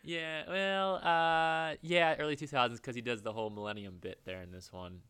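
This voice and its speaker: Chatty guy hosting a podcast, bright smooth voice, rambly, laughs a lot. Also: mid-range voice, fairly even intonation, moderate pace. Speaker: podcast co-host. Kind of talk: casual chat.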